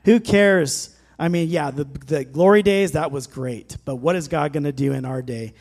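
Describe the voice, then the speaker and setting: A middle-aged male pastor preaching with fervor, his voice sitting a little higher than most men's. He swells louder on scripture and urgent calls to faith, then drops back to easy, conversational asides. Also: moderate pace, few pauses. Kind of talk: sermon.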